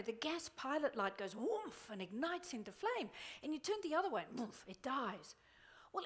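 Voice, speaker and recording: A middle-aged woman giving a live motivational keynote to a conference audience, animated and exclamatory. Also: high voice. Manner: animated, exclamatory, quotes others in funny voices. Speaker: motivational speaker. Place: conference hall before an audience.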